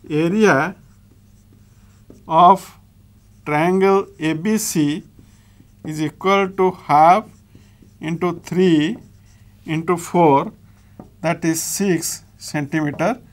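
Slow Indian English maths teacher, man. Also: a little high. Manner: slow, step-by-step dictation while writing. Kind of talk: blackboard maths lesson.

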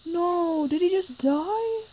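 A woman plays a gruff older male cartoon scientist with a soft heart, his voice sitting fairly high and carrying a faint hiss of noise. He talks in emotional bursts, stammering and exclaiming as feelings overwhelm him. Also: lively intonation, slow, exaggerated voice, low-quality recording. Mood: grieving. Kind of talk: fan voice acting.

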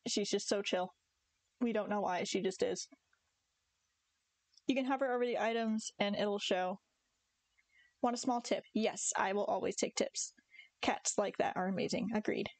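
A woman's voice: medium pitch, moderate pace, pauses often, no room sound. A young woman streaming a farming game, chatting casually and giggly with her viewers and her cats. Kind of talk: casual live-stream chat.

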